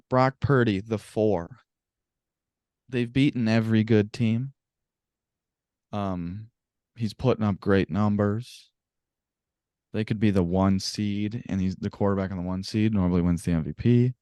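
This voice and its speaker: Guy with a low voice on a sports podcast, dry close mic, tells stories all worked up and swears a lot. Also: unhurried, pauses often, smooth, no room sound. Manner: animated storyteller, swears freely. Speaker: podcast co-host. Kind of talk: casual sports podcast chat.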